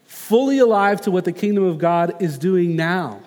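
Pastor guy preaching, high voice, slow punchy phrases, big echoey church. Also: animated, darkish tone. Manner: earnest, measured preaching with slow emphatic phrases. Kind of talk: sermon.

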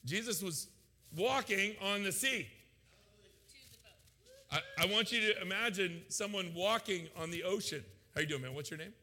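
A man preaching a sermon to a congregation, animated and joking with the crowd. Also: sits high, brisk, few pauses, big-room sound. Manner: animated, jokes with congregation, acts out voices. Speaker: pastor.

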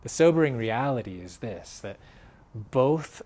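A man preaching a sermon in an earnest way, swinging from loud emphasis to hushed, quiet phrases. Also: fairly high pitch, a little slow. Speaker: pastor.

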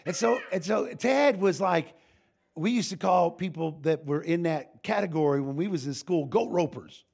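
An older man preaches in a loose, storytelling way, joking with his church and often restarting his sentences. His voice is gravelly and husky, pitched a little high for a man, and folksy throughout. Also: moderate pace, darkish tone. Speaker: pastor. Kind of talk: informal sermon with humorous storytelling.

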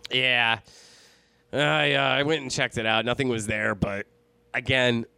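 A man casually telling a ghost story on a podcast, animated and full of swearing. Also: mid-range voice, a little slow, vocal fry, clean tone, no room sound. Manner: profane, animated storytelling, laughs often. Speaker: podcast co-host.

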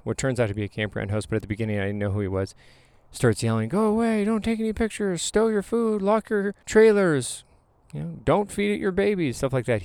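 Emphatic man telling stories, smooth voice. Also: medium pitch, no room sound. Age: late 20s to 30s. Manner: emphatic, animated storytelling with dramatic pauses. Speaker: photographer and hypnotherapist. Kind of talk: motivational storytelling monologue.

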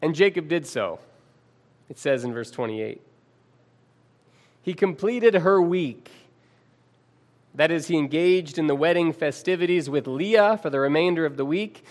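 A male preacher giving a sermon, reading scripture aloud with dramatic pauses and calling his listeners friends. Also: fairly high pitch.

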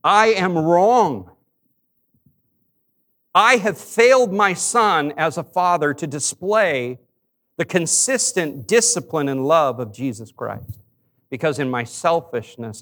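A middle-aged man preaching a sermon as a pastor, telling a personal story with shifts between quiet confession and raised emphasis. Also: on the high side, takes it slowly.

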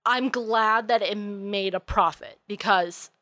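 A woman's voice: mid-range voice, slow, sharp tone, no room sound. A woman from New England co-hosts a casual movie podcast in a middle-range voice. She talks with eager, opinionated energy and laughs often. The sound is dry and close-miked. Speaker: podcast co-host. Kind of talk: casual movie review chat.

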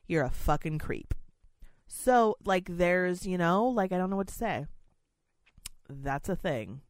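A woman's voice: on the low side, no room sound, clean studio sound. A woman co-hosting a casual podcast chat, brash and profane. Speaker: podcast co-host.

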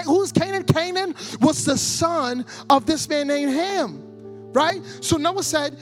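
A man preaching a sermon as a guest preacher, passionate and playful, moving from quiet storytelling to loud shouts. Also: extremely high pitch. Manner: playful, jokey asides.

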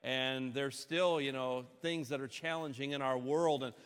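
A man preaching a sermon as the pastor, telling a story and slipping into low, weary impressions between bright, emphatic stretches. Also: fairly even intonation, unhurried, smooth, in a large hall.

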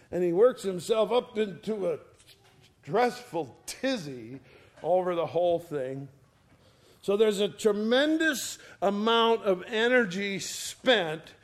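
A man's voice: on the high side, a little mellow. A man preaching a sermon, reading scripture verses aloud and explaining them, with swelling emphasis on key words. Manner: slow, emphatic, rising and falling in volume for emphasis.

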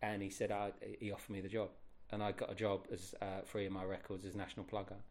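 A middle-aged man, a guest telling stories in a casual, animated way with many fillers. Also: lowish voice, fast. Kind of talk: casual anecdotal storytelling.

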